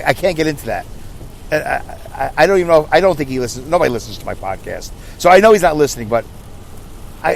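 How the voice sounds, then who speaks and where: A middle-aged man hosting a podcast, telling a ranting story and acting out other people's lines. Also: high voice. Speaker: podcast host. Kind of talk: ranting monologue.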